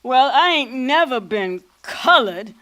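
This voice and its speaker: A woman's voice: high-pitched, expressive, slow, sharp tone, heavily acted. A woman playing a proud, shrewd old freedom fighter. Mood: defiant. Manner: folksy vernacular storytelling, playful and defiant. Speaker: lead actor. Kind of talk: stage acting.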